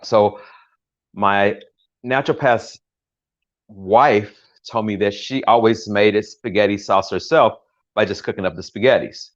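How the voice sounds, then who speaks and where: A man's voice: fairly low pitch, unhurried, highs cut off. An older man from the United States hosting a casual cooking livestream in his home kitchen, talking in a chatty, rambling way with jokes and self-corrections.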